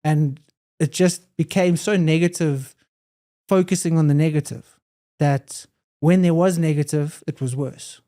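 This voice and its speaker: A man's voice: a little high, steady tone, unhurried, warm tone. A young adult man, a podcast guest, talking in an earnest, reflective way and often repeating phrases. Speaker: podcast guest, hybrid athlete. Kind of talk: casual conversation.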